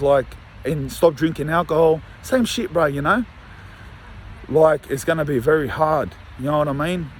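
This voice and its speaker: A middle-aged man talks straight to camera, a loose and candid ramble full of fillers and swearing. His voice sits a little high for a man. He stands outdoors in a park, with faint street and traffic noise behind him. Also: rough recording. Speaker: vlogger. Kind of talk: casual unscripted monologue to camera.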